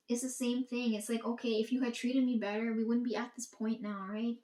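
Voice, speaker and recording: A woman's voice: fairly high pitch, steady tone, moderate pace, dark tone. A woman in a casual, profane monologue, ranting and quoting herself and her family. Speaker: vlogger. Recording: echoey room.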